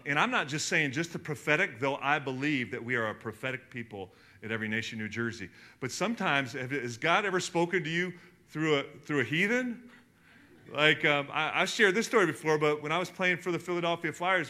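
A man preaching a sermon to his congregation, telling stories animatedly, with sudden jumps in loudness. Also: a little high. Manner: animated storytelling, emphatic swings in loudness. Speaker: pastor. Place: church hall in front of a congregation.

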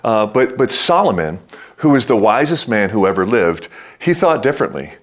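Rambling storytelling male preacher. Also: very animated. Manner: storytelling with many fillers and restarts, dropping low and slow for serious words. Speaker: pastor. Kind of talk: sermon.

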